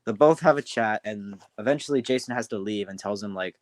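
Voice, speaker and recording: Male streamer, casual storyteller, rambling and halting, dry sound. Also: lowish voice, dry recording. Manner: rambling, many restarts and fillers.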